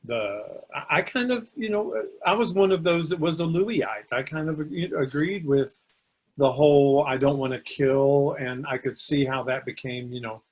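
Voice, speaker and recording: A man's voice: on the high side, lively intonation, normal speed, slightly rough. A man co-hosting a podcast, giving thoughtful, meandering opinions on a film. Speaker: podcast co-host. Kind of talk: casual film discussion.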